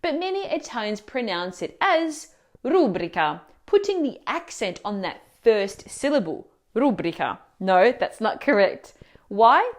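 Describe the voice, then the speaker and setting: A woman teaching Italian pronunciation in a scripted video lesson, explaining words clearly and asking the viewer questions. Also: fairly high pitch, big pitch swings, unhurried.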